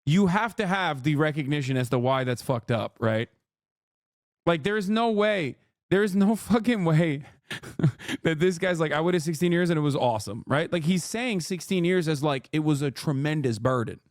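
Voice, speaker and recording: High-voiced ranting streamer man. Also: expressive, unhurried, no room sound, clean studio sound. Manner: heated, profane, sarcastic rants. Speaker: streamer reacting to a video. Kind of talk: casual reaction commentary.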